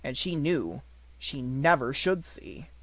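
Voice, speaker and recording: A man reading an unabridged novel aloud as an audiobook narrator, with expressive storytelling. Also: mid-range voice, slow pace, no echo.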